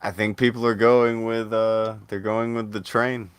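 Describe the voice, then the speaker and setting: Super deep smooth guy running a stream poll, laid-back, swears, dry close sound. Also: little pitch movement, a little slow, no echo. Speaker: podcast host. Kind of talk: casual chat.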